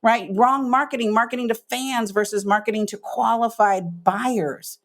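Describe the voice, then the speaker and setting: Animated middle-aged woman telling her story. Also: fairly high pitch, moderate pace. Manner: animated storyteller, acts out quoted voices, emphatic. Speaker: guest, business coach. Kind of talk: candid podcast interview.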